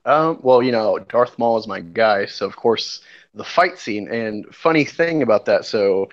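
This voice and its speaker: Laid-back low-voiced man, muffled mic. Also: animated, a little slow. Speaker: podcast panelist. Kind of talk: casual chat. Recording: dull lo-fi mic.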